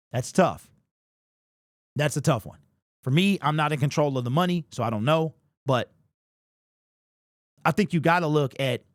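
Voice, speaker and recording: Hosting a live sports talk stream, a man with a fairly high voice gets visibly emotional, passionate and emphatic as he works through the topic. The sound is clean studio audio with no echo.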